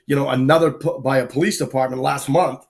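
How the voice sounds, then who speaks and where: A man's voice: mid-range voice, steady tone, fast, vocal fry. A man in a casual podcast chat, telling a rambling personal story full of "right?" and "like".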